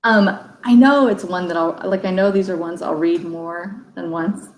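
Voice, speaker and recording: A woman's voice: fairly low pitch, moderate pace. A woman hosting a casual livestream book chat, talking loosely with fillers, restarts and frequent laughs. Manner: chatty, laughs often, many fillers and restarts. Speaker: book discussion host. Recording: echoey room with faint ambient noise.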